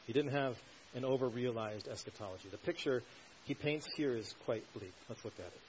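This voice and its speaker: A man's voice: medium pitch, brisk. Earnest male preacher, slightly muffled. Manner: earnest, explanatory, builds emphasis on key points. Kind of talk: expository sermon. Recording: slightly dull recording with faint hiss.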